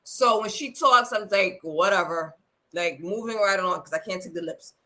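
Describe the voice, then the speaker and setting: Woman reality-show reviewer; blunt, lively delivery, bright tone. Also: lowish voice, normal speed. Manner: blunt, lively, acts out quotes. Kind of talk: casual chat.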